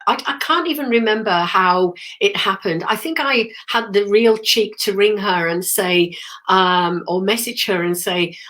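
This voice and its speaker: A middle-aged woman with a cold, clearing her throat often as she hosts a rambling, chatty live stream about her work as a medium. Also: medium pitch, a little slow, a bit bright. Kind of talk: casual live-stream chat.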